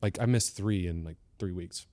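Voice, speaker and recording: A man hosting an interview podcast and telling stories from his acting training in a casual, animated way, acting out the voices of the people he quotes. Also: sits low, moderate pace. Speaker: podcast host and actor.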